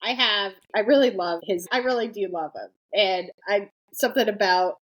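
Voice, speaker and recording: A woman's voice: mid-range voice, moderate pace, fairly bright tone, poor audio. A woman co-hosting a podcast in casual chat, giggly and casual, often trailing off mid-thought. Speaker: podcast co-host.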